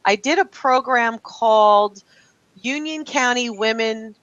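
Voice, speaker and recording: A woman's voice: on the high side, slow, fairly bright tone, no echo, muffled recording. A woman from New Jersey who teaches networking workshops, telling a story with enthusiasm in a casual video-call chat.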